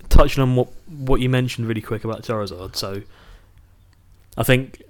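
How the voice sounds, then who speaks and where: A British man in his twenties co-hosting a podcast, telling an animated childhood story and swearing casually. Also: medium pitch, moderate pace. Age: 20s. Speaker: podcast co-host.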